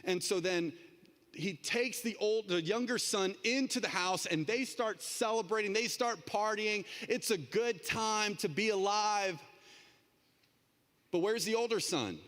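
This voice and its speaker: A young man preaching a casual, animated sermon as a youth pastor, full of slang. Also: sits high, unhurried, in a large hall.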